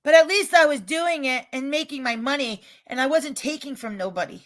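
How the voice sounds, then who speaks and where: A woman with a regional American accent, rambling and emphatic as she talks straight to her livestream chat, getting loud when she is upset. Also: sits high, fairly quick. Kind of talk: casual chat, defensive and venting.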